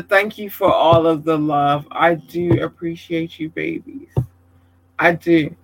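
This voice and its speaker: Guy on a livestream doing shoutouts, kinda high voice, super gushy, calls everyone babies. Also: fairly even intonation, slow pace, creaky, rough recording. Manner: effusive, calls viewers babies, swears casually. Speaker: content creator giving shout-outs. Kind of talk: casual livestream chat.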